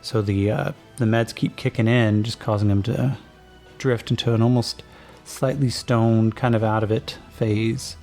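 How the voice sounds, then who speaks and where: A man with a gravelly, mellow voice narrates a tabletop game as game master. He rambles along in a laid-back way, full of fillers, while soft music plays underneath. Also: on the low side, steady tone, unhurried.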